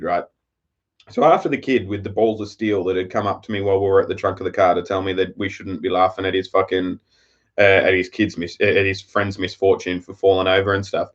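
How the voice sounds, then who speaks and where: A man with an Australian accent chatting on a live stream, telling a rambling, profane story. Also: sits low. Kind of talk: casual live-stream chat. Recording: slightly dull lo-fi audio.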